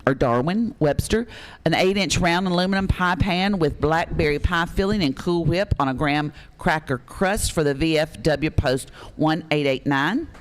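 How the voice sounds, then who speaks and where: A man calls bids at a charity auction, excitable and joking as he urges bidders on. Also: on the high side, normal speed, hardly any pauses, slight background noise. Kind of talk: live auction calling.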